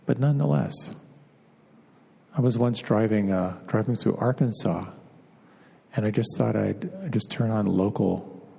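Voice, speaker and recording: A middle-aged man teaching meditation in a slow, halting way, often repeating a word as he feels for the next. His voice is low and mellow with a gravelly edge. Long reverb of a hall trails behind him. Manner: unhurried, halting, often repeats words as he searches. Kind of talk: spiritual talk.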